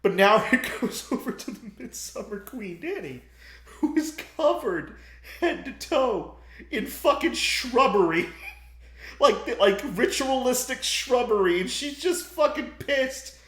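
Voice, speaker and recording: A young man co-hosting a podcast, retelling a movie plot in loud, profane, animated bursts and acting out screams. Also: very high voice, measured pace, echoey room. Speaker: podcast co-host.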